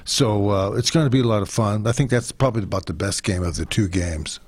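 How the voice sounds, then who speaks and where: A man's voice: fairly low pitch, a little fast, breathy edge. A man co-hosting a sports talk radio show, a former football player speaking bluntly and jokingly, often repeating himself.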